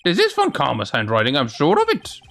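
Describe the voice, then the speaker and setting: A man's voice: a little high, wildly swooping pitch, fairly quick, creaky, a bit bright, heavily acted. A man voicing an old man who talks in an old-fashioned way, calling people my dear and me boy, over faint game music. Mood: earnest.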